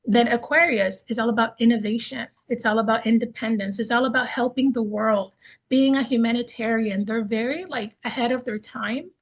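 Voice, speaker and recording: A woman teaches a casual online class in a husky, fairly high voice. She runs through lists of terms and then riffs on them with chatty, everyday examples. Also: normal speed, low-quality recording. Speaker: astrology teacher.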